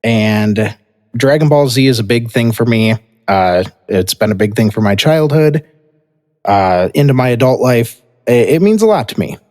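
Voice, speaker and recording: A man hosting a casual podcast, stopping and restarting his sentences often and filling gaps with "uh". His voice sits at an ordinary pitch. A long reverb hangs on every word. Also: expressive, darkish tone. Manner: halting, with many fillers and restarts. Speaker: podcast host. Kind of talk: casual chat.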